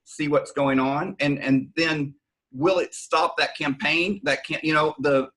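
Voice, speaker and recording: A man's voice: on the high side, fairly even intonation, a little slow, a bit bright, rough recording. A man on a discussion panel who speaks hesitantly, with many restarts. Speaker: panel guest.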